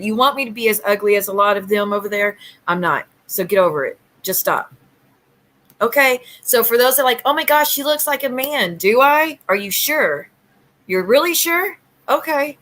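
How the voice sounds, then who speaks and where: A woman hosting a casual livestream at home, talking bluntly and sassily with quick retorts to her viewers. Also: medium pitch, a bit bright. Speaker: livestream host.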